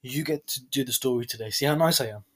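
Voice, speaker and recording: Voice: mid-range voice, fast, fairly bright tone. A podcast co-host in casual chat, teasing dryly and making mock announcements.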